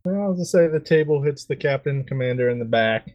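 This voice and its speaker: Male co-host, mid-pitched, halting and filler-heavy, casual improvised storytelling. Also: animated, highs cut off. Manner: halting narration with many fillers. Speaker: podcast co-host.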